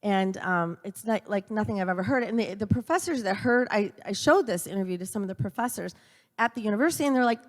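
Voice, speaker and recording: A middle-aged woman giving an earnest storytelling speech at a church event, halting now and then with fillers and restarts. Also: medium pitch. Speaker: speaker at a church event for a university. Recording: long church reverb.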